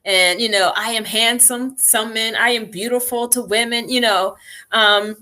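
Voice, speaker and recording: A woman hosting a livestream, guiding listeners through meditation with calm, unhurried instructions and easy laughter. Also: on the high side. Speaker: meditation host.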